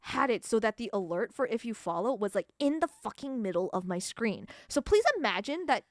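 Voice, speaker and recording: A young woman with a high, bouncy voice that swoops all over the place, chatting live with her stream. She is excitable and giggly, swears freely and breaks into squeals, close to a desk mic in a dry, dead room. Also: a little fast, no echo. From California. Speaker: streamer, cat VTuber. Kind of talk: casual live-stream chat with viewers.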